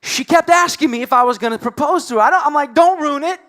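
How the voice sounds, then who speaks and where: Man, pastor, high voice, animated sermon storytelling, acts out voices. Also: fast.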